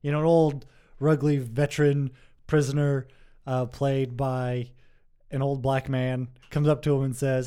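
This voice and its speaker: A man co-hosting a casual podcast, telling jokes with a cocky, playful manner and putting on quick voices for the characters. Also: medium pitch, fairly even intonation, mellow. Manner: playful, cocky storyteller who puts on voices for his characters. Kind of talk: casual chat, joke telling.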